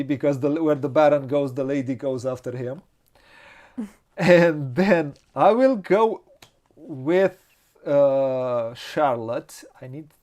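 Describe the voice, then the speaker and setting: Host of a tabletop playthrough: a man with a Romanian accent who speaks at a very unhurried pace and mutters his moves aloud. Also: a little high, darkish tone. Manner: slow, hesitant, muttering to himself, laughs often. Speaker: board game channel host. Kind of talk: thinking aloud during a board game playthrough.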